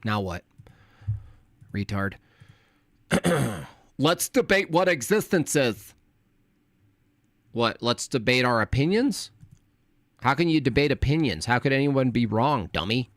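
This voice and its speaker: A man's voice: mid-range voice, animated, measured pace, pauses often, no room sound, studio quality. A man streaming live, reading his chat aloud and answering it with sarcastic, combative mockery.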